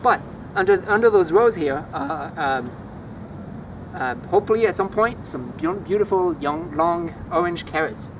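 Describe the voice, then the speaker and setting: Man, casual garden tour, teaching words, easily enthused, fairly high voice, faint outdoor hum. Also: measured pace. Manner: relaxed, chatty, easily enthused. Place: home vegetable garden outdoors.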